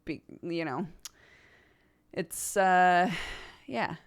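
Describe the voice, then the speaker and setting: Animated, theatrical young woman streamer. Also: fairly low pitch, very slow. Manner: animated, self-deprecating, laughs often; theatrical, acts out quotes. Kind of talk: casual chat.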